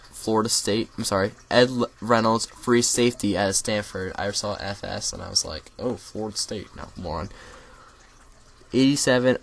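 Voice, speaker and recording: A young man reading out a list of draft picks in casual solo commentary, correcting himself and adding quick asides while he is losing his voice. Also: lowish voice, fairly bright tone. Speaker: mock draft creator.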